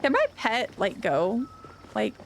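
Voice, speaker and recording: Gushing, excitable woman game streamer. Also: a little high, takes it slowly, a little hiss or hum. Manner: gushing, excitable, rambling with restarts. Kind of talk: casual live-stream chat.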